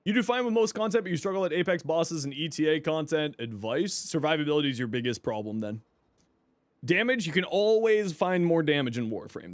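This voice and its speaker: A man's voice: medium pitch, no room sound. A man from Toronto, streaming and chatting casually with viewers in a laid-back, rambling way. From Toronto, Canada. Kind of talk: casual livestream chat answering viewers.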